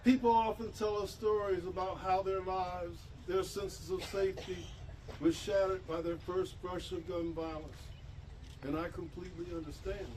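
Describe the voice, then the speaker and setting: A man speaking as a minister at an outdoor news conference, emotional and preacherly, building up to shouts. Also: sits high, level tone, normal speed. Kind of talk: impassioned rally speech. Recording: distant outdoor mic with faint noise.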